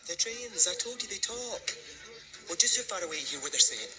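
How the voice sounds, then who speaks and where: A man's voice: high voice, big pitch swings, a little fast, heavy background noise. A man voicing a laid-back, slangy young conductor who talks breezily and sighs a lot. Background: music.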